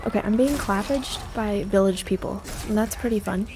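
A young woman gamer with a medium-pitched voice at normal speed does casual let's play commentary, full of jittery, joking self-talk, exclamations, and self-deprecating humor.

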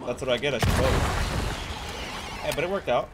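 A man's voice: medium pitch, brisk, very noisy. Casual, profane man doing let's play commentary. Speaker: gamer. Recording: game audio behind the voice.

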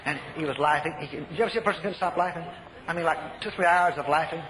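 An older man preaching a sermon, telling folksy stories and shouting commands. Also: a little high, fast. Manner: folksy storytelling, shouts commands, repeats phrases. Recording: echoey hall, faint noise.

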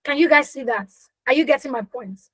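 Emphatic high-voiced young woman coach. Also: a little fast, fairly bright tone, dry recording, poor audio. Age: young adult. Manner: emphatic, repeats phrases, asks the audience questions. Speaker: business coach hosting a workshop. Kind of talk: live online class talk.

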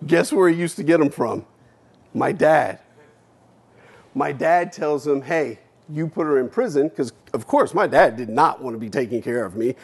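A man's voice: mid-range voice, normal speed, gravelly, slightly rough. Blunt, candid man giving a keynote. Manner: blunt, candid, swears freely, shifts between loud and hushed. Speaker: keynote speaker. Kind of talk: emotional storytelling keynote. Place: lecture hall.

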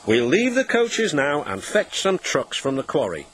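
A man's voice: on the high side, huge pitch swings, measured pace, voice pushed up, heavily acted. A man voicing a kindly, practical male engine driver who speaks reassuringly. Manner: kind, reassuring. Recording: voice over loud background music.

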